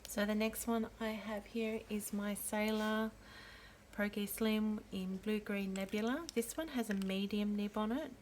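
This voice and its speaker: A woman hosting a pen and ink video, calmly naming each pen and ink as she shows them. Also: mid-range voice, noisy background. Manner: gentle, unhurried, pausing to name each pen. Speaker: pen and ink channel host. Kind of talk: slow show-and-tell narration.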